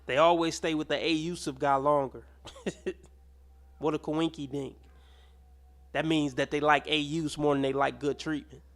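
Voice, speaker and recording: Male reaction host, fairly high voice, blunt, sarcastic, swears. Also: little pitch movement, moderate pace, pauses often, a bit bright. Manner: blunt, mocking, swears freely. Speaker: commentator reacting to clips. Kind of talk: reaction commentary.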